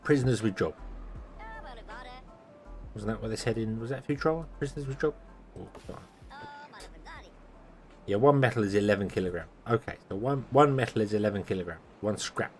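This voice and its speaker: Sleepy guy rambling over a game stream, lots of uhs, loud music behind. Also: fairly low pitch, fast. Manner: rambling, thinks aloud with many fillers. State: tired, yawning. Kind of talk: casual gameplay commentary.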